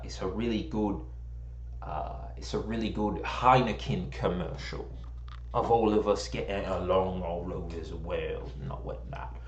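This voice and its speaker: A man's voice: on the low side, a little mellow, slight background noise. An American man in casual, rambling chat, mocking himself and joking about slipping into a posh British accent. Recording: echoey room.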